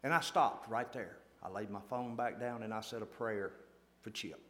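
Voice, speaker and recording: A man's voice: lowish voice, moderate pace, fairly bright tone. A man telling a folksy, self-deprecating story to a church gathering, repeating phrases for emphasis. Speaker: church lay speaker.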